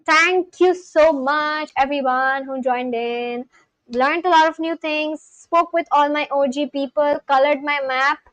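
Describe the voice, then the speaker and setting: Young woman streamer, high voice, unhurried, dry close mic, casual chat with viewers. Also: steady tone, a bit bright, dry recording, rough recording. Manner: chatty, thinks aloud, sounds out foreign words slowly. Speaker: language-learning livestreamer.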